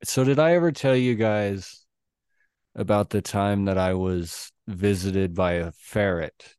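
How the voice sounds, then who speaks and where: A man's voice: on the low side, unhurried, a little mellow, clean tone, no echo, clean studio sound. A young man hosting a podcast in casual chat, telling stories loosely with lots of fillers and laughs. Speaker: podcast host.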